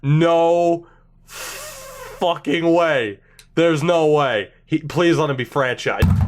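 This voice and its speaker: A man commentating on a hockey video game, stunned and overexcited, swearing and laughing, his voice jumping high and refusing to come down. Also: big pitch swings, drawn-out words. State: overexcited, voice raised. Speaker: gaming YouTuber. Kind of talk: excited gameplay commentary.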